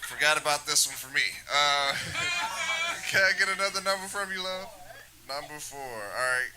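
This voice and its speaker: A man hosting a live comedy show in a club, hyping up comics in a loud, casual, profane way. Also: on the high side, very animated, normal speed, a loud crowd, poor audio. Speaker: host.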